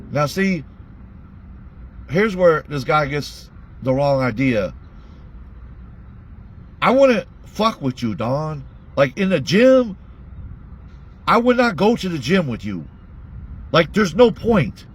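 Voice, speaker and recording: A man's voice: fairly high pitch, big pitch swings, measured pace, long pauses, a little hiss or hum. A man ranting bluntly to his audience in a heated monologue, swearing constantly. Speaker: vlogger.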